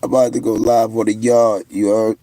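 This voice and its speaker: A man's voice: fairly low pitch, flat delivery, brisk, mellow, slight background noise. A young man, hosting a casual livestream, answering viewers with brash, boastful trash talk. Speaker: livestream host.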